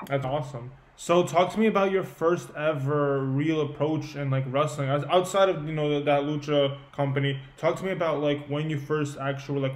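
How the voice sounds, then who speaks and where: A man's voice: a little high, steady tone, moderate pace, few pauses. A man hosting a podcast interview, asking questions eagerly with lots of fillers. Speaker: podcast host. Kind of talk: casual interview. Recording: roomy echo.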